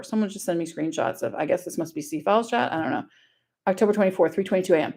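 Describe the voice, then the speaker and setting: A woman's voice: lowish voice, expressive, fast talker, darkish tone. A woman from Louisiana reading screenshots aloud in a casual vlog, blunt, sarcastic and profane. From Louisiana, USA. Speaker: online commentator.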